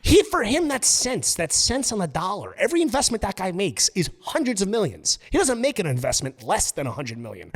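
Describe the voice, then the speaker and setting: A man's voice: high-pitched, big pitch swings, fairly quick, hardly any pauses. A man hosting a podcast, ranting in a casual, emphatic and profane way. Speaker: podcast host.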